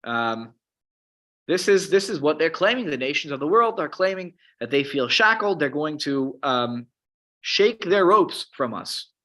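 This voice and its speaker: A man teaching a Psalms class, explaining Hebrew words in an animated way with frequent restarts. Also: a little high, normal speed. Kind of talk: Torah class lecture.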